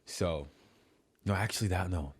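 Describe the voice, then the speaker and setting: A young man with a fairly low voice tells a story in a loose, animated way. He swears constantly and restarts his sentences, with the easy flow of a podcast guest. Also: unhurried, slightly rough. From New York City. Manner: animated, profane, restarts often.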